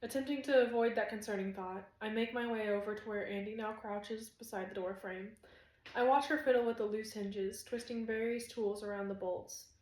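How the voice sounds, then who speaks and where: A woman's voice: medium pitch, fairly even intonation, moderate pace, darkish tone, roomy sound, low-quality recording. A woman reading a romance fantasy audiobook in the first person, earnest and emotional. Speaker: audiobook narrator.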